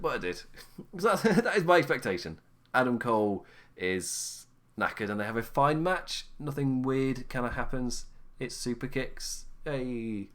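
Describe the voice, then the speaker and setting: A man's voice: medium pitch, animated, normal speed, a bit bright. A tired man chatting on his own, rambling, often laughing and correcting himself. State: tired, low energy. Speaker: podcast host. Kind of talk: casual solo wrestling chat.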